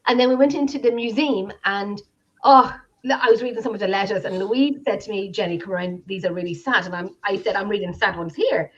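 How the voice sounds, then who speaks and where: An Irish woman with a mid-range voice speaks briskly on a video call, telling a story in casual conversation. She's emotional and rambling, restarting often, and the recording has a dull, lo-fi sound.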